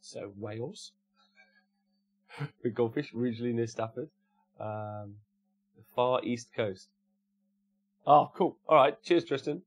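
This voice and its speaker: A man's voice: mid-range voice, slow, long pauses. A man with an English Midlands accent, hosting a casual livestream, reading out viewers' chat messages and answering them with jokes. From Cannock, England.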